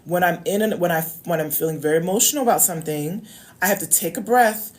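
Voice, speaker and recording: A woman coach speaks in a fairly low voice, with casual advice aimed straight at her viewers. She is chatty and personal, repeats her key points for emphasis and keeps checking in with "okay?". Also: quick pace. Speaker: love coach. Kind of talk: casual direct-to-camera advice talk.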